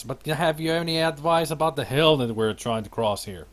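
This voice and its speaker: A man's voice: a little high, expressive, moderate pace, fairly bright tone, a little hiss or hum. A man live-streaming a computer game, sarcastically talking back to the characters. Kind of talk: gaming commentary. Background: game music.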